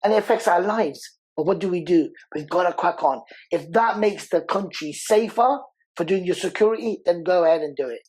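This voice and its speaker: A man's voice: high-pitched, brisk, darkish tone, slightly rough, poor audio. A man, speaking as a podcast guest in a heartfelt interview, talking passionately and repeating words for emphasis. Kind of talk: emotional interview conversation.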